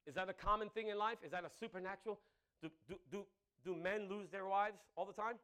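A man's voice: sits high, fairly even intonation, fairly quick, bright, forceful tone, smooth. A middle-aged man preaching a sermon, joking with the crowd, laughing often and repeating his words.

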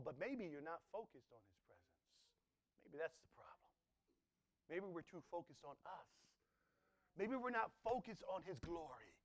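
High-voiced animated male preacher. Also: gravelly. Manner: animated, swinging between loud exclamations and hushed asides. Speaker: pastor. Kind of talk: sermon.

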